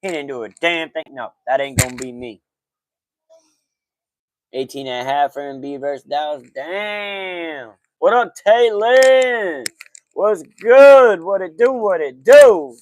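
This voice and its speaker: A man's voice: high-pitched, expressive, slow, a little hiss or hum, poor audio. A man hosting a casual livestream sports talk podcast, chatting loosely in slang and greeting viewers by name. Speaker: podcast host.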